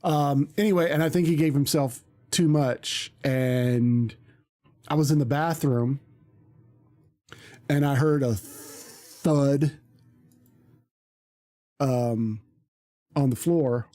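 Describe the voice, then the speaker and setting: A man's voice: mid-range voice, fairly even intonation, takes it slowly, pauses often, warm tone. A man, a streamer, telling a story in casual chat, rambling with many ums and restarts.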